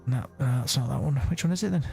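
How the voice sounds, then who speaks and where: A man's voice: medium pitch, quick pace, gravelly, mellow, soft background music. A man chatting casually and correcting himself while commenting on a racing game live. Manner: chatty, rambling, self-correcting. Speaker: sim racing streamer.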